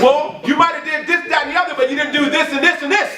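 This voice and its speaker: A man preaching a sermon, repeating his points with emphasis and building up to shouts. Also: very high voice, steady tone, a little fast. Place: church or ministry hall. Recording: echoey room from a distant mic.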